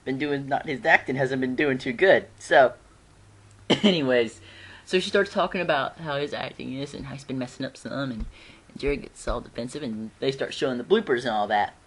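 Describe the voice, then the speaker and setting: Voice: medium pitch, normal speed. A fan reviewer chatting casually at home, rambling with frequent giggles and restarts.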